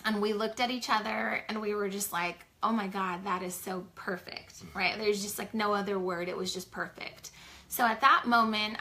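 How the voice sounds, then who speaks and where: Casting: woman, 40s, chatty live-chat storyteller, bright forward voice. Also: medium pitch. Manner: chatty, animated, heavy use of "like". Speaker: small business co-owner sharing her story.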